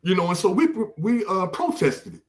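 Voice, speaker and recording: Older male podcast host, slightly high voice, lively and animated, casual talk with frequent restarts. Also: moderate pace. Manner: animated, repeats words when searching for a thought.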